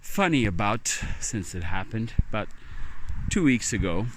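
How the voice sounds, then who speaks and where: A man's voice: lowish voice, a little slow, slight background noise. A man vlogging as he walks by a lake at night, telling stories in a chatty, rambling, sometimes profane way. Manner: chatty, profane, animated storyteller. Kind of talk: rambling monologue on a walk.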